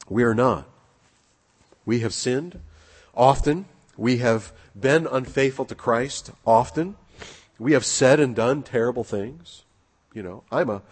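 A man preaching in a church, his voice a little husky and breathy. He speaks earnestly and repeats key phrases to drive them home, at a middling pitch, with a long reverb trailing each phrase through the room. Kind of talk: sermon. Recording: long echoing hall reverb.

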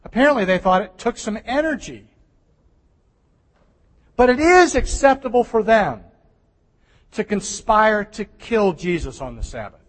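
A man delivers a sermon in a high, light voice, pressing his points with emphatic rises and then sinking to hushed asides. A long reverb trails behind every phrase. He talks like a pastor who is working through the passage for his congregation. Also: a little slow, long pauses. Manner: animated, emphatic preaching with sudden drops to near-whisper.

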